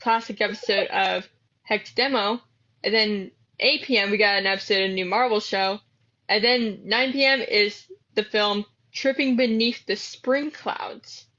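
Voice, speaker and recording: A woman's voice: mid-range voice, steady tone, measured pace, bright, forceful tone, highs cut off. A woman reading out a mock TV channel's evening schedule in a casual, chatty way.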